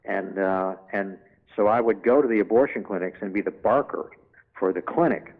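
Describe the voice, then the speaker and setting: A man guest in an interview, telling anecdotes in an animated way and acting out the voices he quotes. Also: lowish voice, normal speed, gravelly, narrow, tinny audio.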